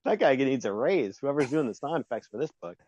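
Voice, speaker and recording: Male podcast co-host, animated voice, wry and laughing, dry lo-fi sound. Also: mid-range voice, moderate pace, no echo. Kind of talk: casual chat.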